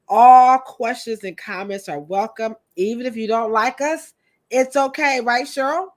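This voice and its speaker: Chatty animated woman podcast host. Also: a little high, unhurried. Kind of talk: casual podcast chat.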